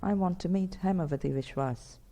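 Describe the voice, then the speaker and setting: A woman's voice: on the low side, a little fast, warm tone. A woman voicing an earnest young man in an audiobook, asking polite, probing questions. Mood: inquisitive.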